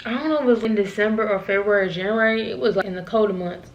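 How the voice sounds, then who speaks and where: A woman's voice: medium pitch, racing, highs cut off, slight background noise. Rambling young woman telling a story. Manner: rambling, repeats herself, laughs at herself. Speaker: vlogger. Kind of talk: casual storytime.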